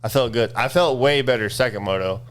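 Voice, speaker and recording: Casting note: man, mid-pitch, smooth resonant voice, cocky joking racer banter. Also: brisk. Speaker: podcast co-host and racer. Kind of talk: casual chat.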